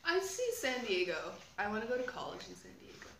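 A teenage girl, co-hosting a podcast, excitable and laughing, jumping into rants. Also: on the high side, quick pace, creaky, noisy background. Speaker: podcast co-host. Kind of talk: casual chat. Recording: roomy echo.

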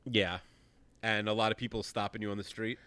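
Low-voiced man, rambling podcast chat. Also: flat delivery, sharp tone, clear, resonant tone, dry recording, clean studio sound. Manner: rambling, halting with fillers. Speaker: podcast co-host.

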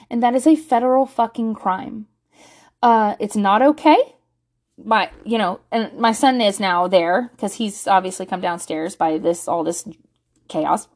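A woman in her thirties telling a story in a casual way, blunt and profane, acting out what people said. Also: on the high side. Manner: blunt, profane, animated storytelling with acted-out quotes.

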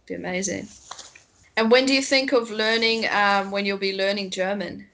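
A woman's voice: mid-range voice, steady tone, normal speed, fairly bright tone, rough recording. A woman in casual conversation, talking in a rambling way full of fillers like "you know" and "like". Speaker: conversation partner. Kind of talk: casual chat.

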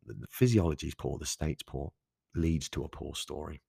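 A man's voice: moderate pace, a little mellow, no room sound, studio quality. A man hosting a solo podcast, talking candidly and conversationally with frequent restarts and asides. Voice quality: gravelly, husky low voice. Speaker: podcast host. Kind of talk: casual solo podcast monologue.

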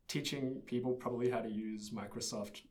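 A man's voice: medium pitch, steady tone, brisk, darkish tone. A young man telling a story in casual chat, easygoing and laughing often. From Australia. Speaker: presenter.

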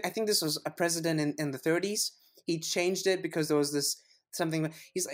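A woman's voice: fairly low pitch, quick pace. A woman co-hosting a podcast in casual chat, rambling through stories and giggling often. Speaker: podcast co-host.

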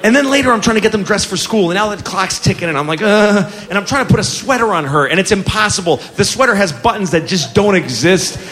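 A man's voice: high voice, lively intonation, quick pace, few pauses, fairly bright tone, in a large hall. A man in his forties doing stand-up, telling an exasperated, profane story. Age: 40s. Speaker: stand-up comedian. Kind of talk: stand-up comedy. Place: comedy club stage. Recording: live audience laughter, noisy club.

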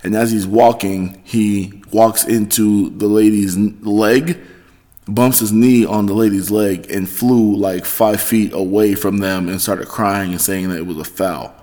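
A man hosting his own podcast, talking in a rambling, profane monologue that swings between loud excitement and low mutters. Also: measured pace. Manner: rambling, heavy swearing, self-correcting. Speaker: podcast host. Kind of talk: casual solo monologue.

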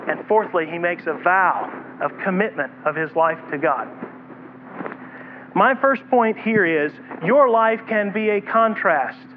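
A man's voice: high voice, lively intonation, a little slow. A man preaching a sermon, retelling a scripture story and voicing its figures. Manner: preaching with acted quotes of God and Jonah. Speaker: pastor. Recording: tinny phone-like broadcast with faint hiss.

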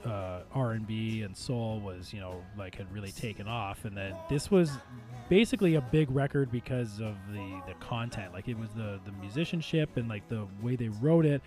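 A man's voice: lowish voice, expressive, normal speed. A man hosting a casual music podcast, talking in a rambling way with lots of fillers and easy laughter. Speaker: podcast host ranking albums. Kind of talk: casual chat.

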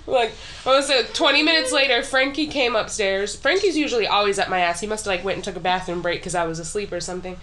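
A woman's voice: a little high, fast talker, sharp tone, slight background noise. A pregnant young woman co-hosting a casual podcast chat, telling stories with lots of swearing and laughter. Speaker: podcast co-host.

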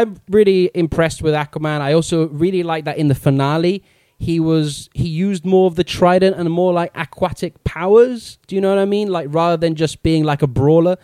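A podcast co-host with a slightly raised, mellow voice talks through a film in a casual review chat, enthusiastic and frequently laughing. The recording is close and dry, with no room sound.

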